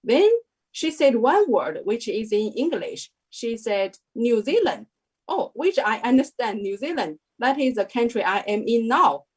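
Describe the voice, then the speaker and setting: A woman giving a personal testimony as an interview guest, telling her story in halting, unhurried phrases. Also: fairly high pitch, big pitch swings, slightly rough. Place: lives in New Zealand.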